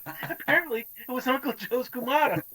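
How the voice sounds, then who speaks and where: A man's voice: very high-pitched, a little fast, bright, forceful tone, breathy edge, poor audio. A man on a casual podcast telling family stories, acting out relatives' lines and swearing freely. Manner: storytelling, acts out quoted relatives with swearing. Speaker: podcast host. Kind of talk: casual chat.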